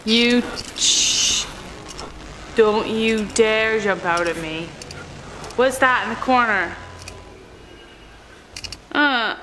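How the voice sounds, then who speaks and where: A woman's voice: fairly high pitch, drawn-out words, pauses often, background noise. A woman reacting to scary video clips, with jumpy exclamations and chatty asides. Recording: music clearly playing behind.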